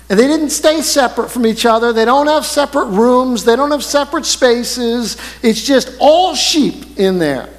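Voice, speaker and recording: Male pastor, animated conversational sermon delivery, higher voice, recorded in an echoing church hall.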